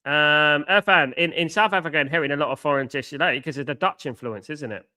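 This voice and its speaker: A man's voice: on the high side, quick pace, sharp tone. A young man hosting a live football watchalong, reading out viewers' chat, bantering and often repeating himself. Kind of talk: live stream commentary and chat.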